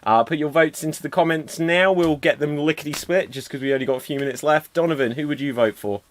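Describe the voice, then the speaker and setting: A man's voice: on the high side, fast. A man hosting a streamed improv show, announcing games and reading comments. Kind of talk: livestream hosting.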